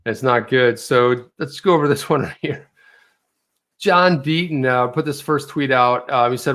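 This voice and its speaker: A man's voice: medium pitch, moderate pace, fairly bright tone. A man co-hosting a live crypto talk show in casual chat, joking and slipping into put-on voices.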